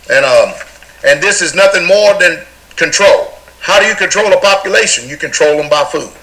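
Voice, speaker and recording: Fiery high-voiced American man ranting. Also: a bit bright, low-quality recording. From United States. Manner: fiery, preacherly, slow emphatic delivery. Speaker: political commentator. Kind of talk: impassioned political rant.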